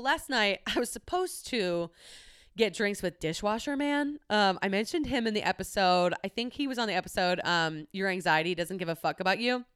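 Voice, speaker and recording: A woman's voice: on the low side, a bit bright, clear, resonant tone, dry recording, studio quality. A young adult woman hosting her own podcast, talking alone in a casual, candid way, full of "like" and the odd swear word. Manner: chatty, candid, peppered with "like" and swearing. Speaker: podcast host. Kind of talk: casual solo podcast monologue.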